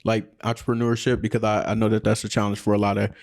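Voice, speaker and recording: A man hosting a podcast interview, asking relaxed, conversational questions. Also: fairly low pitch, quick pace. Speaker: podcast host. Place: photography studio.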